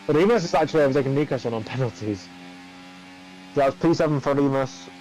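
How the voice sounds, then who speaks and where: A man's voice: mid-range voice, quick pace, a little mellow, a little hiss or hum, poor audio. Sarcastic male sim racing commentator. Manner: dry and sarcastic, rambling with fillers. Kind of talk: casual live commentary and interview.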